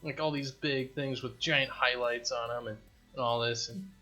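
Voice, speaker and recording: A man with a bright, forceful voice talks casually through a dev vlog, rambling and poking fun at himself as he works on his game from a home basement. Faint music plays quietly underneath. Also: mid-range voice, steady tone, normal speed. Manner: rambling, self-deprecating, joking. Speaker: indie game developer. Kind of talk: casual dev vlog talk while programming.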